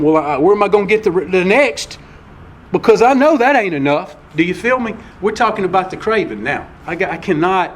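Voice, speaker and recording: A man giving a personal share at a recovery meeting in a folksy, conversational storytelling way. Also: sits high.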